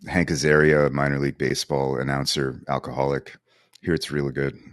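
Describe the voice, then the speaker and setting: A man's voice: very deep voice, level tone, fairly quick. A man co-hosting a podcast, chatting casually and throwing in dry jokes. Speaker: podcast co-host. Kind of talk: casual chat.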